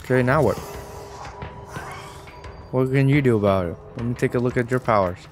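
A man's voice: medium pitch, moderate pace, faint music behind. A man casually talking through a video game as he plays, joking at himself and getting worked up at the screen. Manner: excitable, jokey, talks to himself while playing. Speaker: gaming streamer. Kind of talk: casual let's-play commentary.

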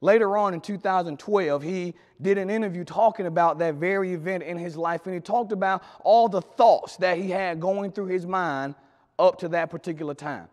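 A man preaching a sermon in a church, swinging from loud emphatic lines to quiet low drops. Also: normal speed. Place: church sanctuary. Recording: long hall reverb.

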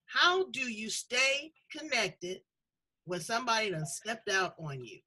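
Talk host, woman, middle-aged, bright and slightly husky, folksy and emphatic. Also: a little high, animated, a little slow, rough recording. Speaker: show host. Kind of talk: casual talk-show conversation.

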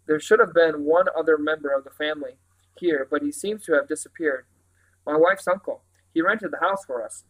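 A man's voice: fairly high pitch, brisk, fairly bright tone, natural voice, poor audio. A man voicing a cheerful, hearty father with a jovial public manner, in a storybook reading.

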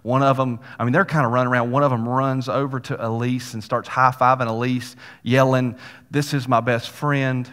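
Pastor preaching in a reverberant hall. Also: male voice, medium pitch, little pitch movement, brisk, hardly any pauses, fairly bright tone, smooth. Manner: folksy storytelling with casual asides. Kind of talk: sermon.

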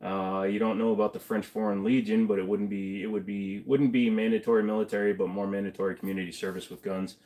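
Man, livestream host, low voice, casual chat, reads chat aloud, mumbled asides, feeling sick. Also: flat delivery, fast, hardly any pauses, darkish tone. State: feeling sick to his stomach.

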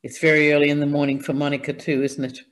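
A man on a video call speaking in a rambling, thinking-aloud way with many fillers, his voice deep with the morning. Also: flat delivery, fast talker, fairly bright tone. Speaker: conference panel participant. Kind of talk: casual discussion on a video call.

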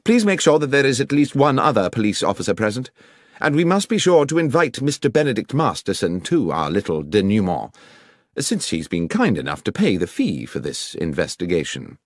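A brisk, commanding detective, read by a man in an audiobook, every word crisply placed. The voice sits a little above the reader's own and moves in lively rises and falls. The sound is close and dry. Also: lowish voice, no echo, pitched above the performer's own voice, full character voice. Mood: incisive. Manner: crisp, commanding, precise diction. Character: brisk, incisive older male detective. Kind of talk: audiobook character reading.

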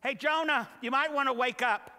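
A man's voice: extremely high pitch, normal speed, sharp tone, long reverb tail, pitched above the performer's own voice, full character voice. A man preaching voices a ship's captain urging a sleeping man to wake up and pray.

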